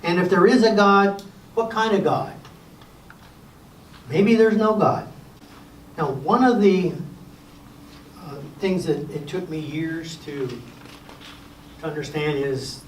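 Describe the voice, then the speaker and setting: An older man presenting a Sabbath school lesson in a relaxed lecture style, folksy and wry with gentle humor. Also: on the high side, far from the mic, slight background noise. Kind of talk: casual lecture to a class. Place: church classroom. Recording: echoey room recorded from afar.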